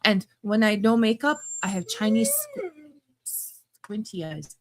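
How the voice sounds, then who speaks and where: A woman's voice: a little high, huge pitch swings, slow pace, slight background noise. A woman co-hosting a podcast, teasing and laughing through casual banter. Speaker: podcast co-host.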